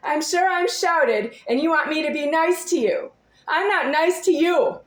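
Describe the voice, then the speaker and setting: A woman's voice: high-pitched, a little slow. A woman in her forties talking to a camera at home in a rambling, agitated monologue. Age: 40s. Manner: rambling, agitated, at times shouting. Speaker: vlogger. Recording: echoey room.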